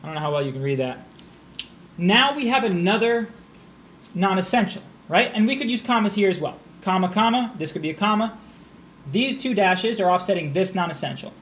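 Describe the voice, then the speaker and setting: A man's voice: sits high, a bit bright, a little hiss or hum. A man tutoring test prep on a live stream, explaining grammar step by step while answering his chat.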